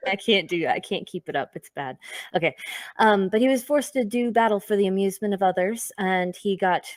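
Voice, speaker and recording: A woman's voice: medium pitch, brisk, dry recording. A woman casually reading her character's backstory at a tabletop game over an online voice call, hesitant with frequent ums and self-corrections. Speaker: player.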